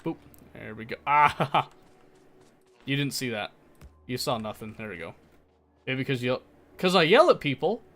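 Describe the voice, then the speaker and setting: A man's voice: mid-range voice, sing-song, normal speed, pauses often, a bit bright. A young man live-streaming a game, chatting casually with his viewers in a playful, teasing, mock-defensive way. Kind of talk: casual live-stream chat while gaming.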